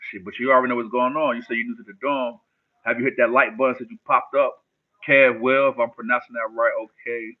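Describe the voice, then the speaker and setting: A New Jersey man hosts a livestream, chatting casually with viewers in loose street slang and answering their questions. His voice is medium-pitched and level, and he talks fast. The audio is narrow-band, like a phone.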